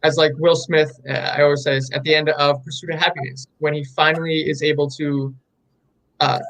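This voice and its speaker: A young man in a candid interview, telling his story with eager enthusiasm and plenty of ums and restarts. His voice sits a little higher than most men's. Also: little pitch movement, fairly quick, fairly bright tone, rough recording. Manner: enthusiastic, rambling storytelling with many fillers. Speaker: artist guest.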